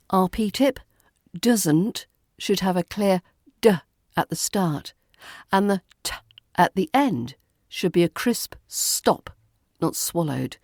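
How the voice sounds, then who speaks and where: A woman's voice: mid-range voice, very animated, takes it slowly, darkish tone, dry recording, studio quality. A woman with a British RP accent, teaching pronunciation as an accent coach in a playful, dryly witty scripted voice-over, whispering some of her sound demonstrations.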